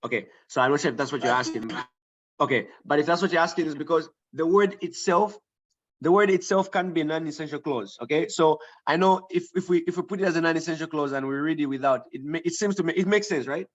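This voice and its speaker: In an online grammar lesson, a man teaches writing while thinking aloud, using fillers, restarting, and often checking in with the class. His voice is on the high side and quick, with the highs cut off.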